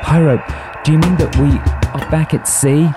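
A man's voice: on the high side, steady tone, normal speed, over music, pitched above the performer's own voice, close to an everyday voice. Male narrator doing an anxious young female doctor, urgent questions, audiobook. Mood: worried. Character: anxious young woman doctor, lost in the dark.

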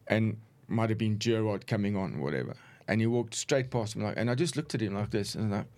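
A middle-aged former football referee, relaxed and anecdotal, telling stories in a conversational interview. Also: male voice, fairly low pitch, brisk. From South Africa. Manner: relaxed, anecdotal, chuckles while recounting. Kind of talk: conversational storytelling.

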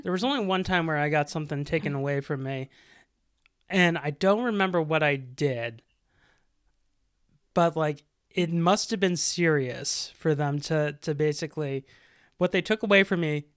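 Animated man telling stories, smooth voice. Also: a little high, moderate pace, no room sound, studio quality. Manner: animated storyteller, acts out quotes. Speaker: podcast co-host. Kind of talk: casual chat.

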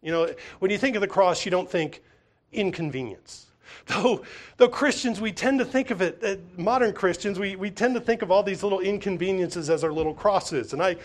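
A pastor preaching a sermon, with emphatic, repeating phrases and frequent restarts. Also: male voice, high voice, normal speed. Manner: acts out voices of others when telling stories.

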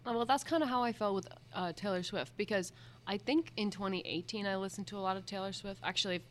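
A woman's voice: medium pitch, quick pace, slight background noise. A young woman co-hosting a casual chat, talking in a rambling, chatty way and often second-guessing herself. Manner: chatty, rambling, self-questioning. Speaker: co-host.

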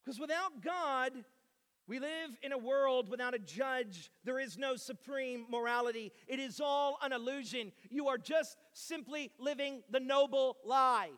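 Male preacher, high voice, animated and dynamic, long hall reverb. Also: unhurried, clear, resonant tone. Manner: animated, swings between loud and hushed, acts out voices. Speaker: pastor. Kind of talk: sermon.

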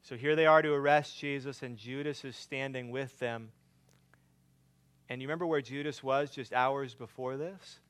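A man preaching a sermon, swinging between loud emphatic lines and quiet hushed ones. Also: medium pitch, fairly even intonation, moderate pace, clean tone. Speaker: pastor.

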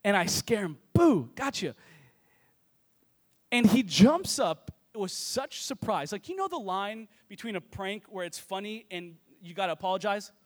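High-voiced energetic young pastor. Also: male voice, moderate pace, few pauses. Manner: energetic, joking storyteller. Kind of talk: sermon. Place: church service with congregation.

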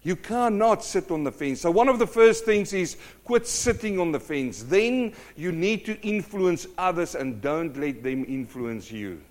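A middle-aged man preaching a sermon, telling stories with lively acted-out voices. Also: high-pitched, unhurried, hardly any pauses. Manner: animated storytelling, acts out quoted voices.

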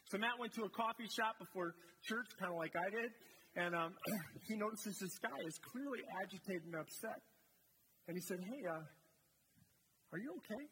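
A male guest preacher speaks to his congregation in a relaxed, storytelling manner, with asides to the people in the pews. His voice sits high for a man. The room rings with a long hall reverb, and a faint noise sits underneath. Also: moderate pace. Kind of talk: sermon. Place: church sanctuary.

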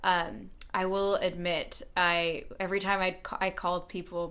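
A woman's voice: fairly low pitch, flat delivery, moderate pace, hardly any pauses, a bit bright, clear, resonant tone. A young woman in her late teens, a student, telling her story in a casual radio interview, earnest and chatty with frequent fillers. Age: young adult.

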